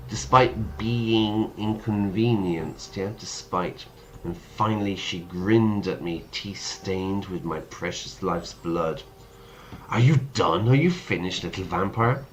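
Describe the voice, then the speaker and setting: A low-voiced man takes his time reading a story game aloud as an English teacher. He keeps stopping to explain a word or toss in a joking aside, over a faint hum behind him. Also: fairly bright tone. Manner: chatty, jokey asides between read lines.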